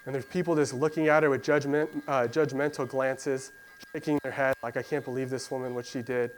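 Male preacher, mid-pitched, casual storytelling sermon, light hum under the voice. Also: level tone, brisk, low-quality recording. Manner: conversational storytelling with fillers, acts out voices of biblical figures.

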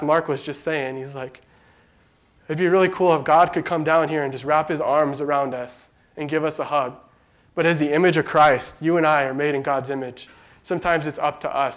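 A man giving an earnest, conversational sermon, emotional and holding back tears. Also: a little high. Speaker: preacher.

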